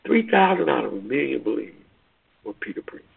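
A man a sermon, repeating his points in call-and-response style and rising to near-shouts on key lines. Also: mid-range voice, big pitch swings, brisk, creaky, husky. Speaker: preacher. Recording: tinny phone-like radio broadcast.

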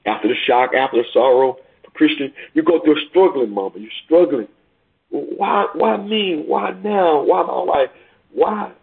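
Gravelly preacher on a phone line. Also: male voice. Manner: preaching with swells of pitch and loudness, repeating phrases. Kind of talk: sermon on a call. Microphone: phone call.

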